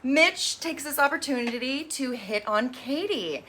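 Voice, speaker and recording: Bright, chatty woman recapping TV. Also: sits high, expressive, unhurried, slight background noise. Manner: chatty, sarcastic, mimics people she quotes. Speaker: recap host. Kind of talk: casual TV recap commentary.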